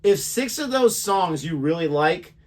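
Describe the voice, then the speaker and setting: A man co-hosting a music reaction show, chatting in a relaxed, conversational way and sharing trivia. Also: high voice, a little slow. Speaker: reaction channel co-host. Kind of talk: casual chat.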